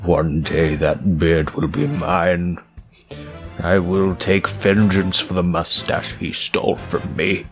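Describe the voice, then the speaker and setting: A man's voice: sits low, level tone, faint music behind, voice pushed down. A man putting on a pompous Canadian judge. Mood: vengeful. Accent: put-on Canadian. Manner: slow, drawn-out, ends lines with "eh". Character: pompous middle-aged male judge obsessed with beards.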